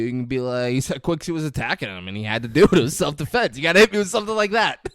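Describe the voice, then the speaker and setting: A man's voice: fairly high pitch, lively intonation, rapid-fire, a bit bright, no echo, clean studio sound. A young man co-hosting a podcast, needling his co-host in casual movie-review banter.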